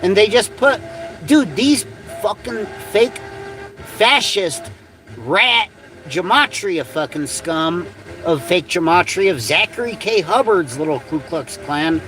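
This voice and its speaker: A man with a high voice delivers an angry, profane livestream rant. His pitch swings widely as he repeats himself and curses again and again. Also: expressive, takes it slowly, bright, forceful tone, poor audio. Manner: profane, repetitive, heated ranting. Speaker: livestream host.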